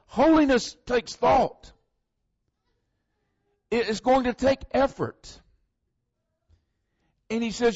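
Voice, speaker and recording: A man's voice: very high voice, slow pace, creaky, pauses often, a little mellow, no echo, muffled recording. A man from northern Florida with a Southern accent, preaching a folksy, conversational sermon and leaning hard on the scripture verses.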